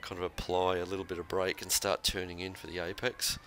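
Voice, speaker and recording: Man, very low voice, calm sim racing commentary, heavy game noise behind. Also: brisk. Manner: calm, focused, talks in short bursts between corners. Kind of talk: live racing commentary while driving. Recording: noisy game audio behind.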